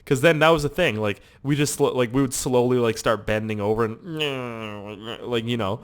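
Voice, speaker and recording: A man's voice: mid-range voice, moderate pace, clear, resonant tone. A man from Canada, telling rambling, profane stories while he plays a game. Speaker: gaming YouTuber. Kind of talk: casual storytelling over gameplay.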